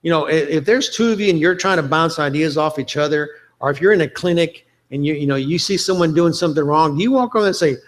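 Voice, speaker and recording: A man's voice: fairly high pitch, quick pace, few pauses. A man giving a chatty, joking conference presentation, quoting movie lines for laughs. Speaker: conference speaker.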